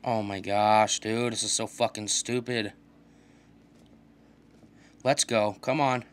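A young man giving casual commentary while playing a video game, swearing often and trash-talking opponents in an excitable way. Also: lowish voice, takes it slowly, long pauses. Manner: profane, excitable trash talk. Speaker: gaming channel host.

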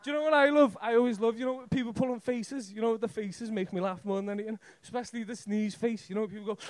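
A man's voice: high voice, fairly even intonation, fast talker, hardly any pauses, no echo. A young man with a Liverpool Scouse accent doing a rambling, nervous stand-up set on a comedy club stage, swearing heavily as he talks into a stage mic. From Liverpool, England.

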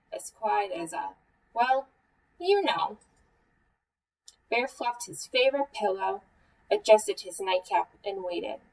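Slow gentle woman reading a story. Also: a little high. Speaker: museum story time host. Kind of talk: reading a picture book aloud. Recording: voice a bit far from the mic.

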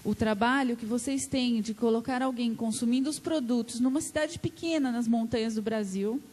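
A woman giving a consecutive interpretation of a speech, with a measured, steady delivery. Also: fairly high pitch, in a large hall.

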